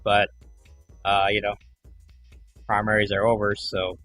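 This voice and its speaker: Male streamer, lowish bright voice, rambling casual chat, faint music underneath. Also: unhurried. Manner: rambling, acts out callers in animated voices. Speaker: livestream host.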